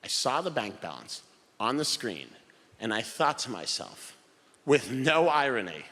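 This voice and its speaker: Animated young man doing stand-up. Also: medium pitch, a little slow. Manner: animated storytelling, acts out quoted voices. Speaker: stand-up comedian. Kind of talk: stand-up routine. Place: theater stage with live audience. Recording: live hall with room reverb.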